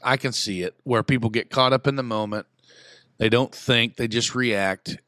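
A podcast co-host chats easily and is quick to agree. His tone is bright and forward at a middle pitch, and the sound is dry and close. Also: no room sound. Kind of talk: casual chat.

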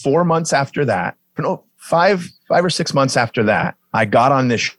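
A man's voice: medium pitch, animated, normal speed, dry recording. A male comedian telling a casual story, acting out dialogue and swearing freely. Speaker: comedian guest.

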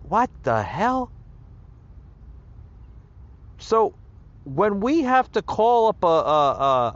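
A man's voice: a little high, fairly bright tone. A man hosting a political commentary show, ranting heatedly and stumbling over his words with many fillers. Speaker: podcast host. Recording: dull lo-fi sound.

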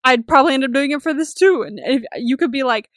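A woman's voice: high-pitched, quick pace, no echo, clean studio sound. A young woman co-hosting a podcast, enthusiastic and giggly, swearing casually. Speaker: podcast co-host. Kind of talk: casual chat.

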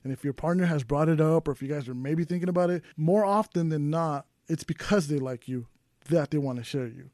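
A male podcast host with a fairly high but mellow voice talks openly and conversationally, offering advice to his listeners. The sound is dry and close, with no echo. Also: fairly quick. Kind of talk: casual interview chat.

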